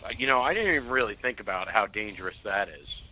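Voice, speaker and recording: Blunt, bright-voiced male talk radio host. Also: lowish voice, lively intonation, fast talker, dull audio, slight background noise. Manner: emphatic and blunt, swears when heated. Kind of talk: casual political talk radio chat.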